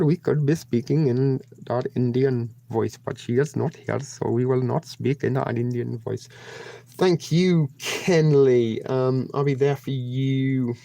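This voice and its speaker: A man's voice: medium pitch, gravelly, dark tone, dry recording. A man hosting a live stream, rambling and joking as he thanks viewers and signs off. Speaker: livestream host. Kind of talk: casual live-stream sign-off.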